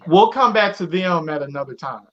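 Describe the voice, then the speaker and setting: Host, casual interview, backs the guest with quick agreements, dull lo-fi sound. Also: medium pitch, lively intonation, a crowd in the background. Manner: supportive listener, frequent short agreements. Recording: dull lo-fi audio.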